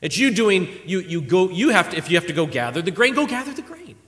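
Male preacher, higher voice, lively storytelling sermon with loud and quiet turns, hall reverb. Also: fast talker. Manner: animated storytelling, swings between loud exhortation and quiet asides.

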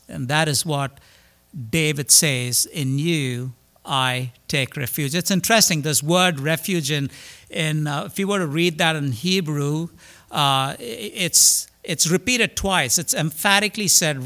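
A man preaching a sermon, repeating key words, asking his listeners questions and rising to loud, emphatic declarations before dropping low again. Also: unhurried.

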